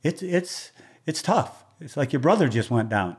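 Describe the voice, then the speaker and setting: A man's voice: on the high side, sing-song, moderate pace. A man, a race announcer, talking as a guest in an earnest, heartfelt way, often repeating words as he starts his sentences. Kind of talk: earnest conversational storytelling.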